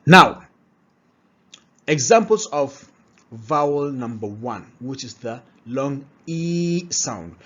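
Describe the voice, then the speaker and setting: Brief: male pronunciation teacher, unhurried drills, lively pitch that rises and falls, dull lo-fi sound. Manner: repeats words slowly, checks in with "all right?". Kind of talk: slow, drilled pronunciation lesson. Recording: dull lo-fi recording.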